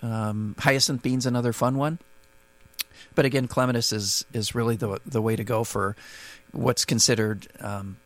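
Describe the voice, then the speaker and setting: This man, the guest gardening expert on a call-in radio program, answers listeners with plenty of hesitant restarts while explaining things in a friendly manner. He speaks at a moderate pace with a medium pitch and fairly even intonation, and the recording is dry.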